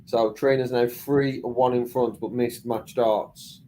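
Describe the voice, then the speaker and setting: A man commentating live on darts, chatty and quick to laugh at himself. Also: medium pitch, steady tone, dark tone, rough recording. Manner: chatty, laughs easily, joking.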